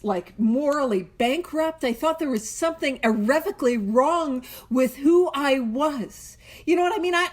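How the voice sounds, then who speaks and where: A woman hosting a study group, leading a book study in a casual, self-deprecating way with joking asides. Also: a little high.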